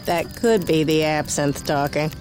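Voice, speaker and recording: A peppy, off-kilter widowed neighbor. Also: female voice, low voice, measured pace, music in the background. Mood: wry. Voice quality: peppy, sing-song. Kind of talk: audio drama acting.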